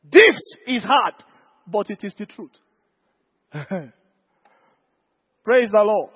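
A man's voice: sits high, expressive, slow, breathy edge. A man preaching a sermon as pastor, emphatic, repeating key phrases and calling out to the congregation. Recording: lo-fi phone-like church recording with long reverb.

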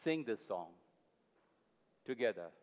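A man's voice: lowish voice, big pitch swings, takes it slowly, darkish tone, highs cut off. A man preaching a sermon, earnest and pleading, repeating his key phrases for emphasis. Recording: long hall reverb.

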